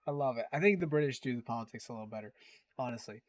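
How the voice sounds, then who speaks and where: A man's voice: mid-range voice, expressive, racing, no echo. A man hosting a livestream, chatting casually as he reacts to clips with amused, rambling asides. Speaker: livestream host.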